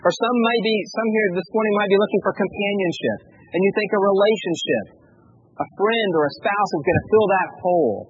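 A man preaching a sermon as pastor, earnest and pleading, dropping to a hush at emotional points. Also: high-pitched, a little fast, husky, phone-quality sound, soft background music.

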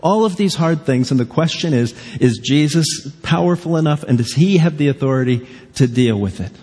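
Husky guy preaching a sermon, earnest, lots of direct questions, big churchy echo. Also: a little high, animated, normal speed, a little mellow. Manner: earnest, presses listeners with repeated direct questions. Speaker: pastor. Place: church sanctuary. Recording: long reverb of a church hall.

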